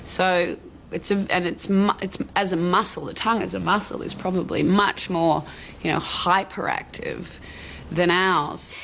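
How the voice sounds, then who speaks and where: A woman's voice: lowish voice, steady tone, a little slow, creaky, a bit bright, slight background noise. A woman with an Australian accent, chatting casually in an interview with lots of fillers. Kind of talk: interview answers in a TV documentary.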